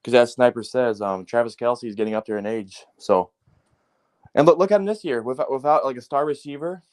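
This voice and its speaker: A man's voice: medium pitch, a little fast. Profane, heated man ranting about football. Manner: profane, heated, animated ranting with frequent fillers. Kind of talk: casual sports rant.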